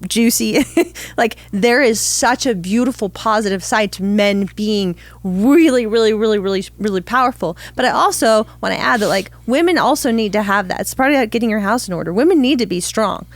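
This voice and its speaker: A woman's voice: medium pitch, a little fast, no room sound. A woman co-hosting a podcast who talks earnestly and affirmingly, with restarts and fillers as she works out her thoughts. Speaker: podcast co-host. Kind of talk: casual podcast chat.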